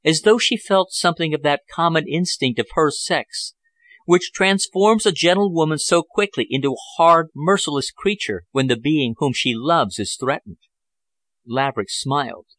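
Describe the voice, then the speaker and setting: A man narrating a novel chapter as an audiobook, in a measured, even storytelling manner. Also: on the high side, dry recording. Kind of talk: scripted narration.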